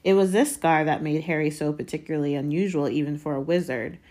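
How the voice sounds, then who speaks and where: A woman reading a novel aloud in a measured, deliberate way. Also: sits low, fairly even intonation, a little mellow. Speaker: reader.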